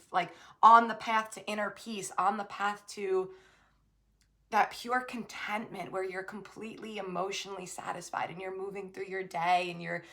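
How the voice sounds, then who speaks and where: A woman speaks in a casual motivational talk as a spiritual coach, her voice bright and forward. She is chatty and emphatic, leaning on fillers and tag questions and calling the listener babe and my love. Her delivery swings between loud, punchy bursts and soft, hushed asides. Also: mid-range voice.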